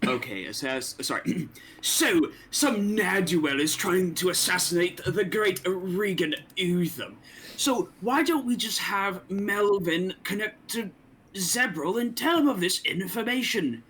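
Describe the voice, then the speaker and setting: A man's voice: sits high, lively intonation, measured pace, fairly bright tone, slight background noise. A man playing a tabletop game who rambles and corrects himself. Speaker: player.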